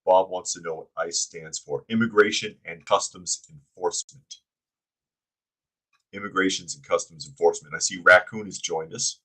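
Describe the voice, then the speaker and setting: A man's voice: deep voice, fairly even intonation, normal speed, pushed and bright, slightly rough, poor audio. A man hosting a news opinion show who talks in a sarcastic, blunt way and reads out viewers' chat comments.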